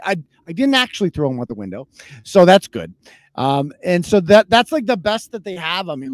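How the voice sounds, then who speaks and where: A man's voice: sits high, sing-song, quick pace, no echo. A man in his thirties hosting a live podcast, ranting in a casual, profane and mocking way. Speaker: podcast host. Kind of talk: casual live-show rant.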